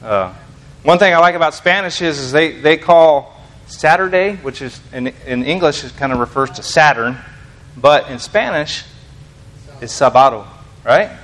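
A man's voice: fairly high pitch, lively intonation, normal speed, a bit bright. Rambling American man giving a church talk. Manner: rambling, self-deprecating, many fillers and restarts. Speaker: lay preacher. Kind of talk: informal sermon.

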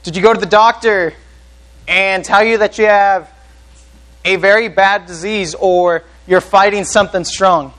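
High-voiced man preaching a sermon. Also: fairly even intonation, unhurried, a bit bright, rough recording. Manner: earnest preaching, asks the congregation questions. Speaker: pastor.

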